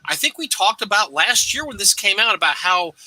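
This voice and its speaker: Bright, lively man, off-mic. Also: sits high, brisk, dry recording. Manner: rambling storyteller, self-deprecating. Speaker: co-host. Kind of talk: casual live-stream chat. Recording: dry, distant from the mic.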